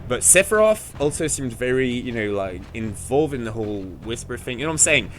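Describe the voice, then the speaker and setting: A man with a French accent, a French native speaker, chatting casually on a live game stream in a rambling, excitable way with lots of fillers. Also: mid-range voice, brisk, slight background noise.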